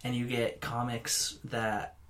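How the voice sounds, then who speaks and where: A man's voice: mid-range voice, flat delivery, slow, a bit bright. A man in casual podcast chat, earnest and hesitant, full of ums and uhs. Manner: hesitant, filler-heavy, earnest.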